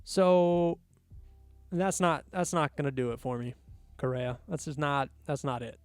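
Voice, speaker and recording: A man hosts a solo podcast and rants about sports in an animated, exasperated way, with mocking asides. His voice sits a little high. The mic is close and dry, with faint music underneath. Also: unhurried, smooth, no echo. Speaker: podcast host.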